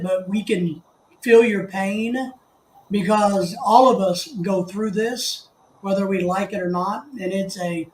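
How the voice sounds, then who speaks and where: Man, live stream host, rambling friendly chat, faint noise behind, roomy echo. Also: sits high. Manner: chatty, greets viewers by name, rambling. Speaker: livestream host. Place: living in the Philippines. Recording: echoey room, faint background noise.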